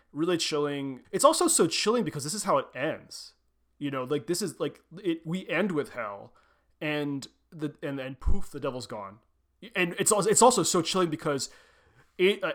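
Guy on a book podcast, kinda high voice, gets animated, laughs a lot. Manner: animated, acts out quoted lines, laughs often. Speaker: podcast co-host. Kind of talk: casual literary discussion.

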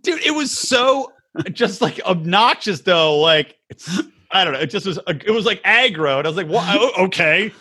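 A man co-hosting a casual comedy podcast, swearing a lot and acting out quotes in an animated way. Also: high voice, moderate pace, husky. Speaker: podcast co-host. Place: recording room, west coast.

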